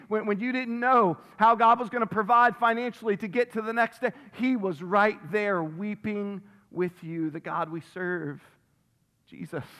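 High-voiced preacher in a reverberant hall. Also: male voice, fairly bright tone. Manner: emphatic, repeats phrases for stress; reads scripture aloud. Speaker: pastor. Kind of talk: sermon. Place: church sanctuary. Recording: long reverb of a large hall.

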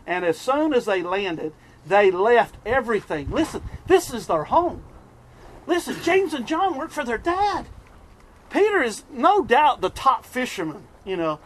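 High-pitched middle-aged guy preaching, animated storyteller, bit of hiss behind. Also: normal speed. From US East Coast. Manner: storytelling, animated, chuckles often. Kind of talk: sermon.

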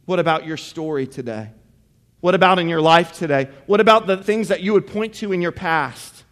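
A man's voice: fairly high pitch, moderate pace, fairly bright tone. A man preaching a sermon as pastor, reading scripture dramatically and pressing the congregation with rhetorical questions. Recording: long hall reverb.

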